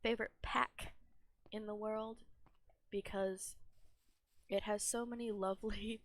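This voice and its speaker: Gravelly young gamer rambling casually. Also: medium pitch, steady tone, slow pace, long pauses. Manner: rambling, self-deprecating, laughs often. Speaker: gaming streamer. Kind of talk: casual gameplay commentary.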